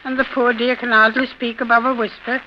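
A woman's voice: on the high side, flat delivery, a little fast, close to an everyday voice. An actress playing a rambling, talkative charwoman in an old radio drama. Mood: chattering. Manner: rambling, garrulous. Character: chattering Irish charwoman, talkative, devoted. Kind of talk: 1930s radio drama acting. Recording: dull old radio recording with faint hiss.

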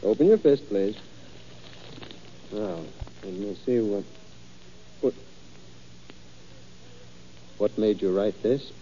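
A timid, stammering old schoolteacher. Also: male voice, fairly low pitch, slow pace, long pauses, mellow. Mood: stern. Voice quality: hesitant, stammering, mild-mannered. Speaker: teacher. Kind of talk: 1940s radio acting. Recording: dull old radio recording, faint music.

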